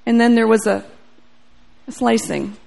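A woman preacher shares a testimony before a church audience. Her voice sits a little high with a gravelly, creaky texture. She acts out the dialogue as she tells the story. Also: steady tone, measured pace, a little mellow. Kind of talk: sermon testimony.

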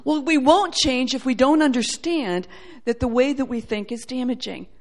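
A woman preaching a sermon, animated, acting out quoted voices and swinging between loud, ringing passages and soft, low ones. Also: normal speed.

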